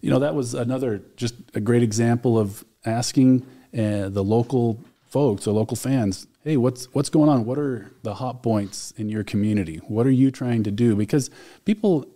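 A man's voice: lowish voice, warm tone. A man talking as a studio guest, telling stories with enthusiasm and frequent fillers. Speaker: alumni relations director, guest. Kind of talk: casual studio conversation. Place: radio studio.

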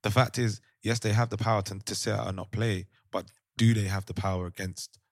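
A man's voice: lowish voice, steady tone, fairly quick, no room sound, clean studio sound. A man co-hosting a podcast in casual group discussion, thinking aloud and often restarting his sentences. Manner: thoughtful, trails off and restarts mid-thought. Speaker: podcast co-host.

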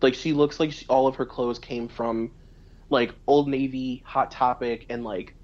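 A woman's voice: extremely low pitch, steady tone, a little slow, darkish tone, highs cut off. A young woman co-hosting a podcast, talking animatedly about a TV show and laughing readily. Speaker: podcast co-host. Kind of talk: casual chat recapping a TV show.

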